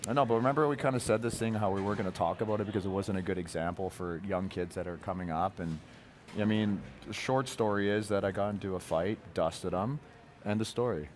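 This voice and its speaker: A man in his thirties from Canada with a very deep voice. He talks candidly and jokingly on a TV sports show and shrugs off praise, with a faint hum of arena ambience behind him. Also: fast talker, a little mellow. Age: 30s. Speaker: hockey player guest. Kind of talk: TV sports talk-show interview. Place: arena broadcast set.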